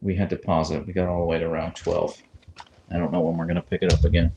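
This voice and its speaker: Man, livestream host, casual chat, deep voice, vocal fry, reads comments aloud, phone with clip-on mic. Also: very animated, quick pace, mellow, a little hiss or hum.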